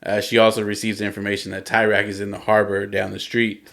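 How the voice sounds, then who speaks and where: A man's voice: fairly low pitch, completely flat delivery, fast talker, gravelly, a bit bright. A man hosting a podcast, retelling a comic book story in a casual way and chuckling often as he goes. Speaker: podcast host.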